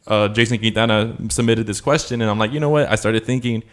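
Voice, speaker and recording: A man's voice: on the low side, fast, smooth. A young man co-hosting a podcast, telling a long childhood story in a casual, rambling way, full of fillers and laughter. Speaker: podcast co-host. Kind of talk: casual chat.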